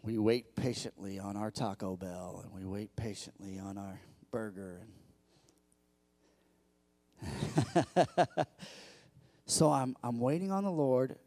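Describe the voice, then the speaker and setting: Man preaching a lively sermon. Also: fairly low pitch, takes it slowly, long pauses, dry recording. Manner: lively preaching, swinging from loud peaks to quiet asides; repeats words when building up. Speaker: pastor.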